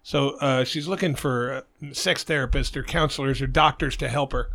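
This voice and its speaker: A man's voice: medium pitch, steady tone, normal speed, bright, forceful tone. A man co-hosting a podcast, teasing and telling jokes he laughs at himself. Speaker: podcast co-host. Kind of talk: casual profane chat, joke telling.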